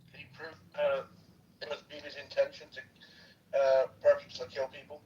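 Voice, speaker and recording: A man's voice: medium pitch, monotone, normal speed, warm tone. A man debating in an online voice chat, insistent and argumentative. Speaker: chat participant. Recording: distant, dull, noisy online audio.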